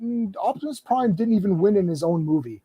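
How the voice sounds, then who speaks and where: A man's voice: high voice, animated, a little fast, warm tone, dull audio. A man in a casual pop-culture chat, joking and sounding exasperated as he talks.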